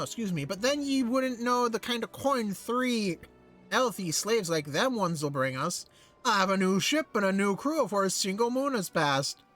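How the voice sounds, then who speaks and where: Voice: mid-range voice, fairly bright tone. A streamer voicing a greedy, cocky pirate slaver captain from a game in old-timey pirate dialect. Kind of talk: reading game dialogue aloud in character.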